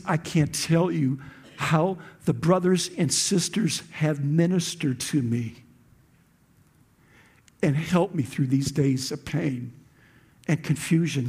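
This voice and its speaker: Guy pastor preaching, kinda high voice, gets fired up and stumbles over words a bit. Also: darkish tone, slightly rough. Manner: preaching with rising intensity, frequent repeated words. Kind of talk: sermon.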